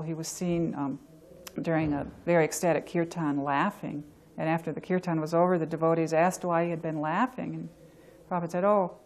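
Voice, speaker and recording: A woman's voice: fairly low pitch, a little mellow. A woman sharing a memory as a devotee, retelling a back-and-forth with light amusement. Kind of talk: anecdotal storytelling.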